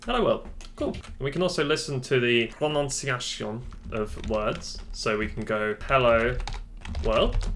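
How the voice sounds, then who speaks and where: Chatty man explaining software. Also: mid-range voice, unhurried, slight background noise. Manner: chatty, joking, self-deprecating. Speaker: tech tutorial host. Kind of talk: casual screen-recorded tutorial. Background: faint keyboard typing.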